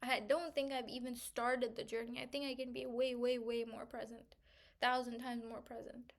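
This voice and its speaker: A young female vlogger speaks in a high voice in a personal monologue, thoughtful and searching, with frequent pauses and "like" as filler. At moments she seems close to tears, and her pitch moves very little.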